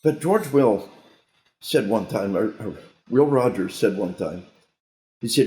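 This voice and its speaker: A man's voice: on the low side, animated, unhurried, long pauses, a little mellow. Emphatic, preachy older-style trainer, man. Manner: emphatic, sermon-like, with repeated restarts. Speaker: guest military trainer. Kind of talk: interview talk, preachy storytelling. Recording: roomy echo.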